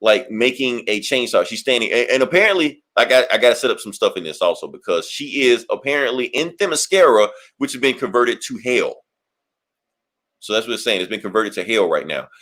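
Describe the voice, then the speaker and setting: A man's voice: mid-range voice, animated, brisk, a bit bright. A man co-hosting a podcast, recapping a comic in rambling, profane casual chat. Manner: rambling, profane, laughs often. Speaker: podcast co-host.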